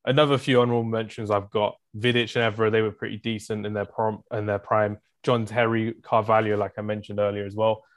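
Fast-talking man in casual football chat. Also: on the low side, little pitch movement, no echo. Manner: enthusiastic, rambling, listing players. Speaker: podcast co-host.

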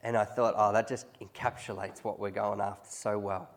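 A man's voice: fairly low pitch, little pitch movement, moderate pace. A man preaching a conversational sermon, often chuckling as he tells stories to his congregation. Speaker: pastor.

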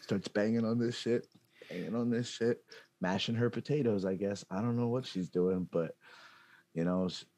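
A man's voice: fairly low pitch, normal speed, warm tone. A young man chatting casually as a podcast co-host, laid-back and slangy, often trailing off and restarting. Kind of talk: casual chat.

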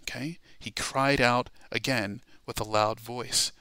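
A man teaching a Bible study class in a sermon style. He speaks emphatically, builds to loud proclamations and keeps checking in with "all right?" and "okay?". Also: medium pitch, fairly even intonation, slow, smooth, no room sound.

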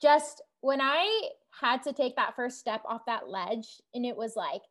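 Chatty young woman with a higher voice. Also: animated, unhurried, a bit bright. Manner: chatty, lots of "like", laughs while telling. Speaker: podcast host telling her climbing story. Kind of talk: casual storytelling chat.

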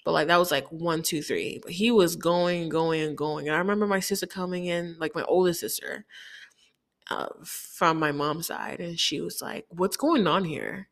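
A woman's voice: fairly low pitch, steady tone, moderate pace, gravelly. A woman from Haiti telling a candid, reflective personal story, often quoting people in dialogue.

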